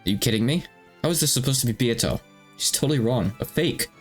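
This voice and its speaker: A man's voice: mid-range voice, animated, quick pace, faint music behind, voice pushed up, close to an everyday voice. A man voicing a brash, demanding young man who is exasperated and insistent. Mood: agitated.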